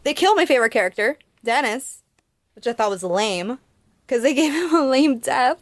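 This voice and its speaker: A woman's voice: sits high, animated, moderate pace, no room sound. A young woman casually reviewing a book in a chatty, rambling way, with fillers and little laughs.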